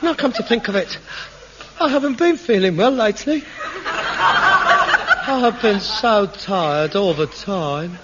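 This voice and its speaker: A theatrical, pompous son. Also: male voice, high-pitched, very animated, slow pace, pauses often, heavy background noise, full character voice. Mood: panicky. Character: melodramatic hypochondriac grown son. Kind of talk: 1960s sitcom acting. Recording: dull old television recording.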